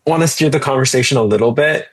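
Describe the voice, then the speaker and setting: A man's voice: mid-range voice, fast, breathy edge. A man co-hosting a casual discussion, hesitant and restarting often as he checks his notes. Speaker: podcast co-host.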